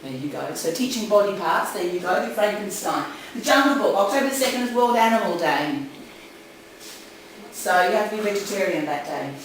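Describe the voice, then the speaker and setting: A woman's voice: medium pitch, brisk, far from the mic, a little hiss or hum. A woman from New Zealand with a New Zealand accent giving a chatty, jokey talk to English teachers at a conference. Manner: chatty, jokey, animated with audience asides. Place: conference hall. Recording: echoey hall, speaker off-mic at times.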